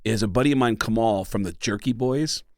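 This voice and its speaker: A male comedian guest telling stories in a casual, animated way, slipping into voices as he goes. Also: fairly low pitch, fairly quick, dry recording, clean studio sound. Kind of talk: casual storytelling.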